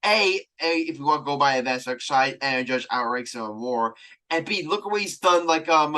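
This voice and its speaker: A man hosting a casual sports podcast, arguing his points quickly and with energy. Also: a little high. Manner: quick, argumentative, animated. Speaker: podcast host.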